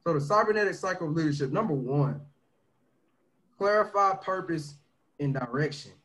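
A man leading a motivational livestream talk on leadership, energetic and slangy, swinging between loud pushes and quieter asides. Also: fairly high pitch, moderate pace, rough recording. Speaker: team leader teaching leadership.

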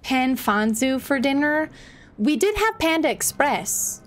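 A woman game streamer chatting casually with her viewers while she plays, laughing often and reacting loudly to the game. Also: high-pitched, big pitch swings, slow pace. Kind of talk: casual live-stream chat while gaming.

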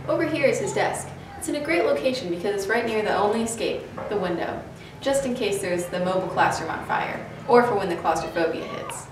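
A woman's voice: medium pitch, animated, fairly quick. A teenage girl hosting a parody home design show with upbeat, mock-earnest presenter patter. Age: teens. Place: school building indoors. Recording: distant mic with faint noise.

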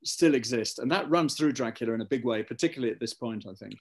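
A man co-hosting a live online book discussion over a video call, talking in a measured, lecturing way and building his points as lists. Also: mid-range voice, breathy edge. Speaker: co-host.

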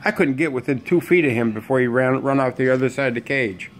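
Man chatting about his pet birds. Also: quick pace. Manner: talks to the bird in a high coaxing sing-song. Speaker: pet bird owner filming his parakeets. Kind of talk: casual home video narration. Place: room at home with birds.

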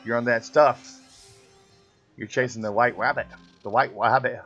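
A man streaming games with friends keeps up casual chat during play, ribbing them in slang and dropping into silly voices. He has a mid-range, fairly bright voice with vocal fry and a measured pace; the audio is muffled and lo-fi, with faint music.

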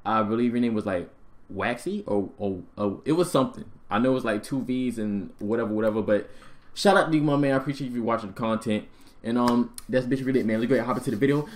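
A young man giving excited gameplay commentary as a gaming video host, loud and jumpy, repeating himself in bursts. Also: mid-range voice, quick pace. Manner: hyped, loud outbursts, repeats phrases, laughing. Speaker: gaming YouTuber. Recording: faint music and gunfire behind.

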